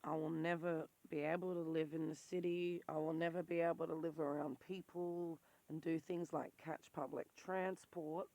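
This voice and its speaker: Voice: medium pitch, flat delivery, moderate pace, hardly any pauses, darkish tone, no room sound. Blunt, swearing Australian in their forties. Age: 40s. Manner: blunt, swears freely, intense and rambling. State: voice worn, turns squeaky when worked up. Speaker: vlogger. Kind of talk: candid personal monologue.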